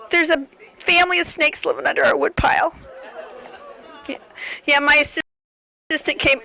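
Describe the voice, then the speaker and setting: A woman's voice: high voice, creaky, sharp tone, low-quality recording. A middle-aged woman giving a live sewing demonstration to an audience at a fair, telling rambling, joking stories as she works. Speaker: sewing seminar presenter.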